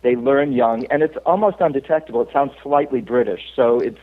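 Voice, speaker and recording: A man chats as an interview guest, rambling through stories and chuckling as he goes. His voice sits at an ordinary middle pitch. It comes through a thin, tinny phone line. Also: a little fast. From United States. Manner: rambling anecdotal storyteller, chuckles often. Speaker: actor guest. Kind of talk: casual interview chat.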